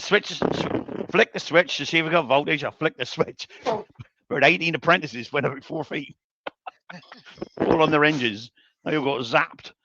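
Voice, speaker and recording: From his home workshop, an older man hosts a woodturning live stream in a mid-range voice that sounds pushed and bright. He tells casual stories as he works, wandering through anecdotes with chuckles and frequent restarts, all in dull lo-fi stream audio.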